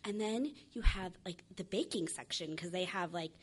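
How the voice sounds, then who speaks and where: A woman telling a funny personal story, animated and acting out the other people's voices. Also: on the low side, moderate pace, husky. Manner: animated, acts out voices, laughs while telling. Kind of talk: comic storytelling.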